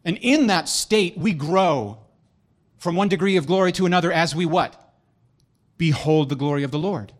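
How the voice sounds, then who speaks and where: Male preacher, sermon, emphatic and animated, joking asides, fairly high voice. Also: moderate pace.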